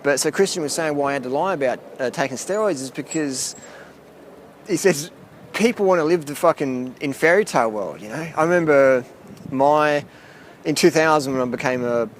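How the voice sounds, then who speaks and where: Outdoors near a boat, a cycling vlogger rants to the camera, casual, blunt, profane and rambling. His voice is medium in pitch, with slight background noise.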